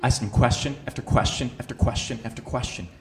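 A man's voice: mid-range voice, fast talker. A man doing a stand-up comedy set, telling a story with sarcastic, incredulous asides. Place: live comedy venue with audience. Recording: echoey venue with audience noise.

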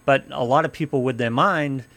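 A podcast co-host in casual chat, speaking calmly and practically and agreeing often. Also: medium pitch, fairly quick. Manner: calm, practical, frequent short agreements.

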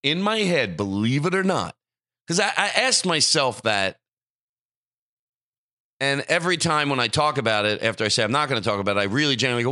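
Animated ranting man, bright tense voice. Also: medium pitch, fairly quick, dry recording, studio quality. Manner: animated, ranting, swings between loud bursts and muttered asides. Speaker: podcast host. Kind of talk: casual podcast chat.

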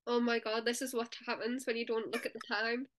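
A woman's voice: on the high side, flat delivery, fairly quick, a bit bright, faint music behind. A woman co-hosting a casual chat, talkative and laughing often, full of "like" fillers. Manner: chatty, laughs often, many "like" fillers, acts out inner voices. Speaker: podcast co-host.

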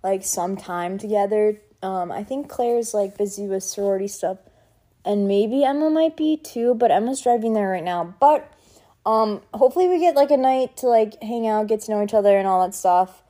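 Young woman rambling to her vlog camera, soft mellow voice, lots of likes and ums, sentimental. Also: mid-range voice, normal speed. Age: young adult. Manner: chatty and sentimental, full of fillers. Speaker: vlogger. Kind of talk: casual chat.

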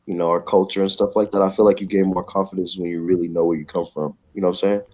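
A laid-back man in casual chat who keeps adding agreeing fillers. His voice is low and somewhat husky. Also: level tone, fast talker, warm tone.

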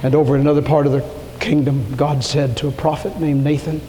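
A man preaching a sermon, telling a story and building to impassioned calls, sometimes dropping to a hush. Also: on the high side, level tone, quick pace. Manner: storytelling, rising to impassioned preaching with shouts and hushed whispers. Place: church sanctuary. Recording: reverberant hall, faint room noise.

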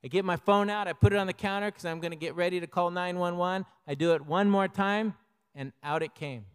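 A man's voice: high voice, fairly even intonation, a little fast, clear, resonant tone, in a large hall. An older man preaching a sermon as pastor, in a conversational way, with personal stories.

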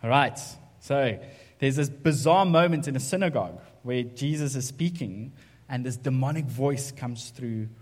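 A man's voice: medium pitch, normal speed, a little mellow. A man preaching a sermon in a conversational way, often checking in with "right?". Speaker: pastor. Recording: long reverb of a hall.

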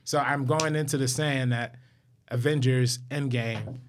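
A young man co-hosting a podcast, telling excited, slangy stories in casual chat. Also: mid-range voice, measured pace, slight background noise. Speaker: podcast co-host.

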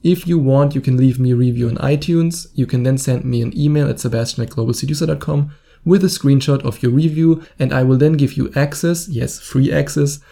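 Male podcast host, German accent, dark gravelly tone, casual joking delivery. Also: medium pitch. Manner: self-mocking, blunt, joking asides. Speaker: dating coach podcast host. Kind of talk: casual advice monologue.

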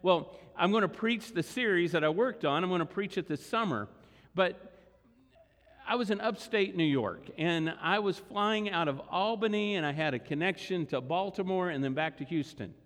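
A man preaches to his congregation in a large church hall, telling a story in a conversational way; long hall reverb colors the recording. The pastor's voice is high-pitched and a bit bright, at normal speed.

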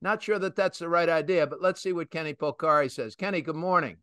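A man's voice: fairly high pitch, quick pace, pushed and bright, clean tone, no room sound. A man hosting a casual financial talk show, chatty, with teasing jokes. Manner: chatty, teasing, joking asides. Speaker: radio show host.

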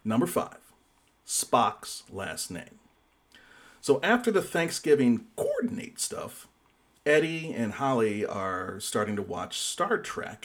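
Playful joking man co-hosting a podcast. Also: medium pitch. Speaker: podcast co-host. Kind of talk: casual chat.

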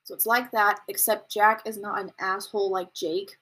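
A woman's voice: flat delivery, moderate pace, sharp tone. A young adult woman hosting a casual commentary podcast from home, chatting in a rambling way. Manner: chatty, rambling, with mocking high-pitched impressions. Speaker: podcast host.

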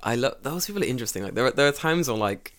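A man's voice: medium pitch, lively intonation, rapid-fire, a bit bright. A man co-hosting a casual chat, telling profane stories with lots of mimicked voices.

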